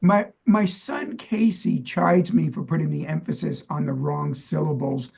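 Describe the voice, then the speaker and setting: A middle-aged man from New Jersey co-hosts a casual podcast, quizzing his partner in a rambling, friendly way. His voice sits fairly high for a man, with a gravelly edge and a husky texture. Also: fairly even intonation, unhurried, a little mellow. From New Jersey, USA. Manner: chatty, meandering, quizzing with fillers. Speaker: podcast co-host. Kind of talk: casual chat, trivia quiz.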